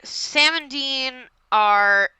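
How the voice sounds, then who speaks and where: Young woman, podcast co-host, slightly tipsy rambler; bright, dry close sound. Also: high-pitched, very slow, clean tone, no echo, low-quality recording. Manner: rambling, trails off into mumbles. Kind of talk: casual chat, recapping an episode.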